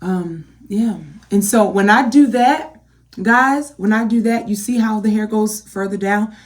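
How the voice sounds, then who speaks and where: Woman vlogger, casual home chat, animated, exasperated. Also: medium pitch, measured pace. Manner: animated, exasperated rhetorical questions; addresses viewers as y'all. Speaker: beauty vlogger.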